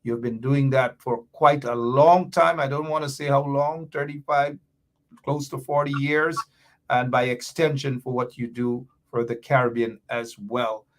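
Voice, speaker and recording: A man hosts a live political talk show with animated, emphatic delivery. He drives his points home with rhetorical questions and sharp bursts of emphasis. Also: medium pitch, a little slow.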